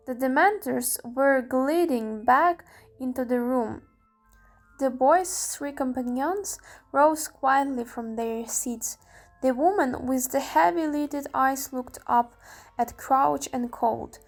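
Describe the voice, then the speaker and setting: A young woman narrates a novel in careful, measured phrases. Her voice is high and she reads slowly. Soft music plays faintly behind. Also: gravelly. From Ukraine. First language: Ukrainian. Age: young adult. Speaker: student reader. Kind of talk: audiobook narration.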